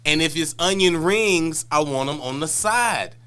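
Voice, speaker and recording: A man's voice: fairly high pitch, expressive, unhurried, bright, forceful tone, clear, resonant tone. A man co-hosting a podcast in casual chat, laid-back and laughing often as he tells detailed stories. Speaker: podcast co-host. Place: Wisconsin.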